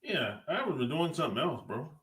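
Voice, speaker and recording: A man's voice: fairly high pitch, very animated, fast, fairly bright tone. A man hosting a casual podcast, laid-back and teasing, breaking into laughter often. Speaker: podcast host.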